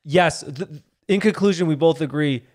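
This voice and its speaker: A man co-hosting a casual advice podcast, blunt and quick with joking asides. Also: fairly high pitch, a little mellow. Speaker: podcast co-host.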